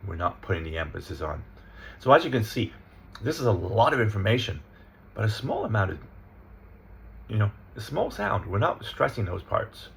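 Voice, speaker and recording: A man runs a slide-based lesson on English pronunciation, walking through it step by step, reading example sentences aloud and checking in with "right?" and "okay?" His lowish, creaky voice swings widely in pitch, moves at a moderate pace and pauses often.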